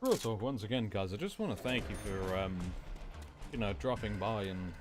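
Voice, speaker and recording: A man's voice: fairly low pitch, expressive, moderate pace. A young man with an accent that drifts partly American, rambling casually and swearing during a late-night gaming stream. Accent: mixed, partly American. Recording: noisy with game gunfire.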